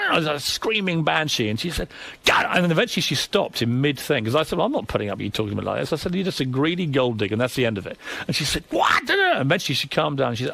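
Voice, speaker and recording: A man's voice: mid-range voice, creaky, pushed and bright, no echo. A British man, a former newspaper editor, telling gossipy anecdotes as a guest on a talk show and acting out the voices of people he quotes. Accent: British English. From Britain.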